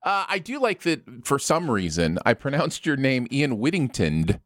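A man's voice: medium pitch, big pitch swings, normal speed, fairly bright tone, no room sound, clean studio sound. An American man hosting a casual podcast chat, jokey and rambling. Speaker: host, writer.

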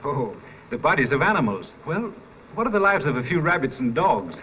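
A feverish obsessed young scientist. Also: male voice, fairly high pitch, brisk, slightly rough, recorded from a distance. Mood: dismissive. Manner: excited, declamatory. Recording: dull 1930s film soundtrack with faint hiss.

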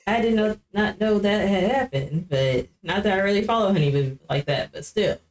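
A woman co-hosting a podcast in casual chat, calm, moving the talk on to the next segment. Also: medium pitch, normal speed, slight background noise. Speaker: podcast co-host.

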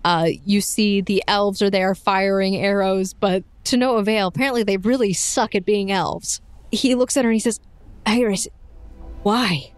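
A woman narrating as game master of a tabletop game, lively and playful, often laughing. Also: mid-range voice, normal speed, clear, resonant tone, no echo.

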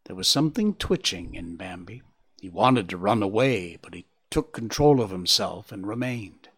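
A man narrating a storybook in an expressive, measured way. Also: lowish voice, slightly rough.

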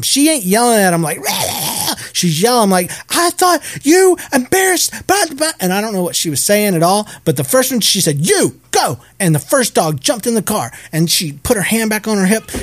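A man's voice: on the high side, no echo. A man, a podcast host, telling everyday stories in a casual way and acting out quotes in a raised voice. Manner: animated, acts out quotes in a raised voice. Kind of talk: casual storytelling.

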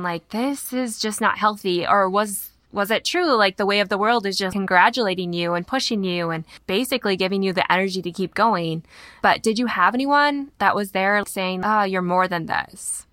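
A woman hosting a podcast, asking thoughtful, gentle questions in a conversational way. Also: medium pitch, dry recording, studio quality. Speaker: podcast host. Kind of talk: conversational interview.

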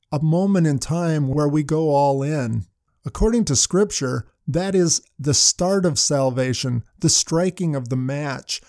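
Older male pastor with a dark voice. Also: fairly high pitch, no echo, studio quality. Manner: storytelling with anecdotes. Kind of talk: sermon.

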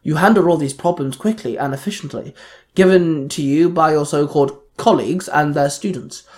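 A man reading aloud, voicing the Ultra Grid, an ancient power that speaks through a teammate's avatar in a slow, formal way. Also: fairly high pitch, darkish tone, lightly acted. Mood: measured.

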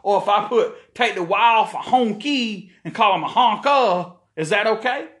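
A man's voice: high-pitched, normal speed, a bit bright, roomy sound. A man from South Carolina, hosting a podcast in a heated, profane, rambling rant. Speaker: podcast host. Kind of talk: ranting monologue.

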